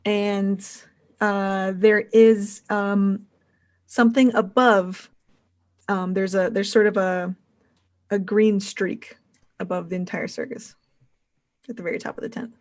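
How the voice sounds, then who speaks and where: A woman's voice: medium pitch, little pitch movement, slow, pauses often. A woman running a tabletop game as game master, narrating hesitantly with many restarts.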